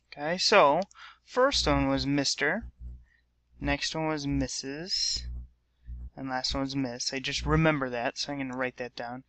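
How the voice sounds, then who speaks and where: A male high school teacher talks his students through a recorded computer lesson with a bright, forceful voice pitched a little high. He sounds dry and close to the mic, upbeat, and keeps checking in with "okay?". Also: no echo. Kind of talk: recorded lesson for a substitute class.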